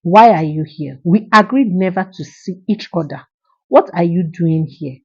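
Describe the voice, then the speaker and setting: A man's voice: high-pitched, lively intonation, unhurried, breathy edge, dull audio, full character voice. A woman voicing a young husband who asks urgent, repeated questions. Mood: alarmed.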